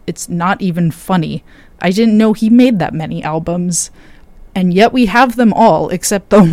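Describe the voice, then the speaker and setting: A woman's voice: on the low side, darkish tone, no echo. A tired young woman DJ chatting casually on air between records, rambling and interrupting herself. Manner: rambling, self-interrupting, with many fillers. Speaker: radio DJ.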